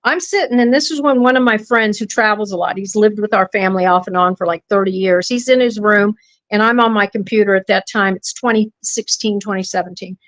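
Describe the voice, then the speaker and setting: A woman's voice: medium pitch, a little fast. A woman hosting a podcast, telling long, rambling stories and correcting herself mid-sentence. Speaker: podcast host. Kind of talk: casual podcast talk.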